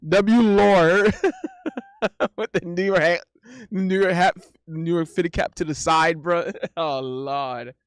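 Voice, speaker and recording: Guy streaming, high voice, laughing and going "what the hell" at chat, dry sound. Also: steady tone, slow, clear, resonant tone, dry recording. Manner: exclaiming, laughing often, reading chat aloud. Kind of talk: casual live-stream banter.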